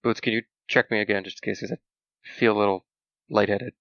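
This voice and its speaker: A man's voice: fairly low pitch, steady tone, quick pace, creaky, a bit bright, dry recording. A man playing a tabletop game, hesitant and full of "like" fillers. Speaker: player. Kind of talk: casual tabletop play. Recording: dull lo-fi mic.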